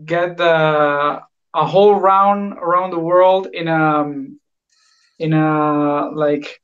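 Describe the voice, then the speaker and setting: Man with a Latin American accent, high. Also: steady tone, takes it slowly. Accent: Latin American Spanish. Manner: rambling, many fillers and restarts. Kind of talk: casual chat. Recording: dull lo-fi stream audio.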